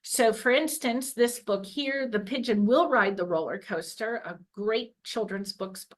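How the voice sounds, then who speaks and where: A woman's voice: a little high, measured pace, poor audio. A woman researcher explaining her early literacy work in an earnest, careful way, often correcting herself mid-phrase. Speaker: education researcher. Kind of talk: explanatory talk.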